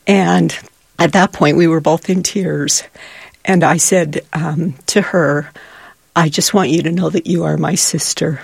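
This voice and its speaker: A woman's voice: sits low, fairly even intonation, unhurried, creaky, husky, no echo, studio quality. A middle-aged woman volunteer telling heartfelt stories in an interview, earnest and emotional. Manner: earnest, emotional, faith-filled. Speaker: charity volunteer.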